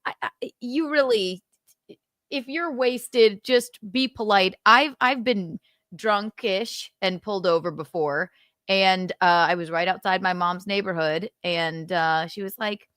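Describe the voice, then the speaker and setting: A woman's voice: medium pitch, measured pace, fairly bright tone, no room sound, clean studio sound. Rambling woman in casual chat. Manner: rambling, self-interrupting, drops into a put-on drawl for quotes. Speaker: podcast co-host.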